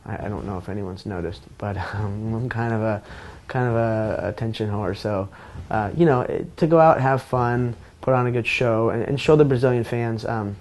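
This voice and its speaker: A man's voice: on the low side, normal speed, hardly any pauses, a little mellow, slight background noise. A man speaking as a professional fighter in a casual pre-fight interview, candid and self-deprecating, rambling with frequent restarts.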